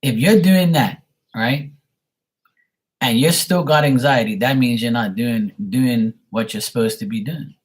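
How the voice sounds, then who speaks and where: A man's voice: medium pitch, measured pace. A man who reads tarot on a live stream, ranting bluntly and profanely to his viewers. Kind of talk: casual rant to viewers.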